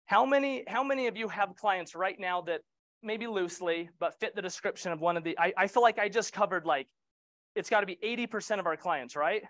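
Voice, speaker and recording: A man's voice: high-pitched, a little fast, fairly bright tone, no room sound. A middle-aged man leading a real estate training session, casual and joking, asking the group questions.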